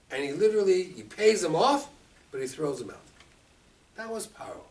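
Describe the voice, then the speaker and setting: A rabbi teaching a Torah class, lively and expressive, acting out the quotes and mixing in Hebrew terms. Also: male voice, high voice, moderate pace, pauses often. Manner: animated, acts out quotes, mixes Hebrew terms. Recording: distant mic with faint room ambience.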